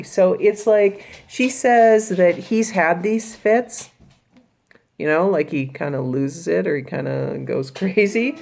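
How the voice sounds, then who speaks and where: A woman teacher talks her class through a Shakespeare scene, retelling it in casual, everyday words. Her voice sits low, with a gravelly edge. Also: slow pace, darkish tone. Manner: casual, paraphrasing the characters in everyday speech. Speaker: high school English teacher. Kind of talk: recorded class explanation of a play.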